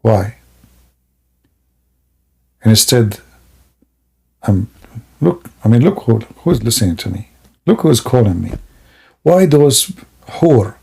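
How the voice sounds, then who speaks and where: Gravelly, husky man mocking on a stream. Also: mid-range voice, mellow. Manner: sarcastic, rambling, laughs at own jokes. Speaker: livestream host. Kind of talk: mocking comedic commentary.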